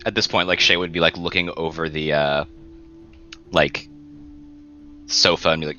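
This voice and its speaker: A man's voice: low voice, fairly even intonation, moderate pace, pauses often, sharp tone, lo-fi sound, faint music behind. A man playing a tabletop game, talking hesitantly with lots of "like" and "uh". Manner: hesitant, full of "like" and "uh". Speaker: player. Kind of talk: casual tabletop play.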